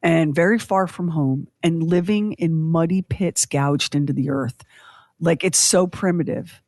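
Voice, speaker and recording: A woman's voice: sits low, unhurried, a little mellow, no echo, clean studio sound. A woman in her fifties hosting a podcast, chatting casually with tangents and self-deprecating humor. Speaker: podcast host.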